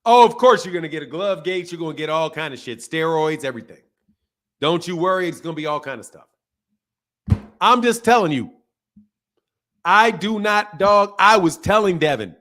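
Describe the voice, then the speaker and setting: A man's voice: fairly high pitch, expressive, moderate pace, pauses often, fairly bright tone. A man hosting a boxing channel, talking bluntly and profanely and repeating himself as he rants at his viewers in heated casual commentary.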